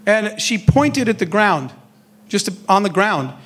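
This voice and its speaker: Man, middle-aged, high-pitched, motivational keynote speaker, animated storytelling, acts out dialogue. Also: takes it slowly.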